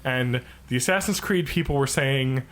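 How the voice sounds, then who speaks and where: A man's voice: medium pitch, moderate pace, fairly bright tone. A man co-hosting a casual podcast chat, rambling and joking, with casual swearing. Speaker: podcast co-host.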